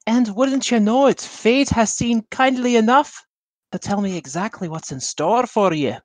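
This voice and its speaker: A man's voice: high voice, moderate pace, no room sound, pitched above the performer's own voice, close to an everyday voice. A theatrical traveling fortune teller, put on by a man, rolls out grand pronouncements with a salesman's flourish. The sound is dry and close. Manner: grandiose, showy salesman patter. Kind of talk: tabletop game role-play.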